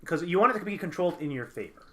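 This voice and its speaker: A man running a tabletop game as game master, explaining rules in quick, halting bursts with many restarts. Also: a little high, expressive, pushed and bright.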